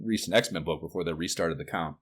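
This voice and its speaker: A man's voice: sits low, a little fast. A man co-hosting a podcast, talking casually, rambling, swearing freely and breaking into incredulous outbursts. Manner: rambling, swears often, animated outbursts of disbelief. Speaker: podcast co-host. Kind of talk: casual chat.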